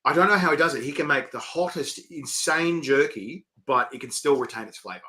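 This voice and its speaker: A man, hosting a casual interview and telling animated stories. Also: on the high side, brisk, crowd noise. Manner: chatty storyteller, animated, acts out quotes. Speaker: interviewer and chilli event organiser. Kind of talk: casual chat. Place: online video call.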